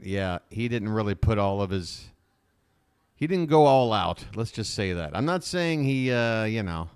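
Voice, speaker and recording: A man streaming live baseball play-by-play from his own channel, chatty and rambling, getting excited on big swings. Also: on the low side, clear, resonant tone, dry recording, clean studio sound.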